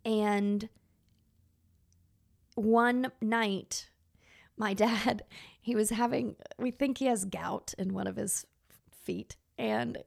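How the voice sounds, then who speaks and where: A woman's voice: mid-range voice, expressive, drawn-out words, gravelly, long pauses. A woman in her thirties, a teacher, telling a personal story in an earnest, emotional way with many fillers.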